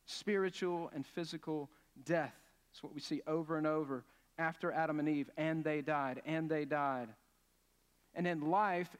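A male pastor preaching a sermon in an earnest, emphatic way, asking his listeners questions as he builds each point. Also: on the high side. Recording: long hall reverb.

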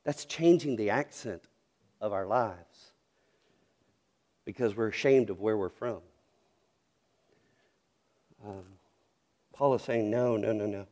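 A man's voice: on the low side, slow, pauses often, a little mellow. A middle-aged man from North Carolina, a pastor preaching a sermon with storytelling and earnest questions.

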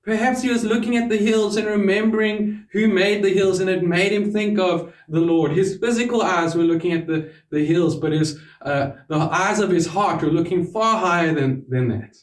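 A man's voice: sits high, normal speed, hardly any pauses. Earnest man preaching from afar. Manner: earnest, with sudden drops to a hush on key words. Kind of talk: sermon. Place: church hall. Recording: roomy, from a distance.

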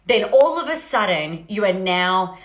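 A woman's voice: mid-range voice, big pitch swings, unhurried. A woman podcast host giving a casual motivational monologue, chatty, often adding "right?", restarting phrases and swearing casually. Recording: roomy echo.

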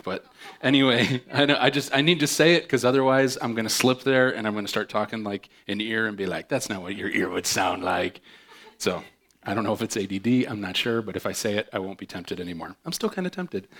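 A man with a fairly low voice preaches a sermon in a chatty, upbeat way. He reads scripture and breaks off into joking asides, then slips back into the sermon. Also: a bit bright. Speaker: pastor.

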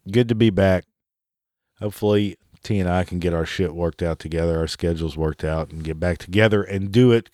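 A man's voice: sits low, darkish tone, no echo, studio quality. A man hosting a solo podcast, ranting sarcastically and swearing often. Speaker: podcast host.

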